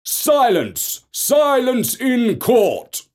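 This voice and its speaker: A man's voice: mid-range voice, sing-song, slow. A man voicing a stern, weary male judge with a commanding, curt manner.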